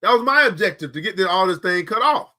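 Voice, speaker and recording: This American show host talks fast in a high-pitched, expressive voice with a bright, forceful tone. Between book readings he gives preachy motivational commentary, speaking colloquially to listeners and repeating key phrases for emphasis.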